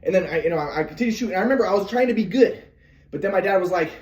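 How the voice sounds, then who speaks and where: A man with a notably high voice tells his own story in a loose, earnest monologue. He stumbles and restarts often, and acts out movements and other people's lines as he goes. The sound is roomy and echoey. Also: animated, racing, a little mellow. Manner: demonstrates footwork while talking, acts out his father's lines. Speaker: former basketball player telling his story.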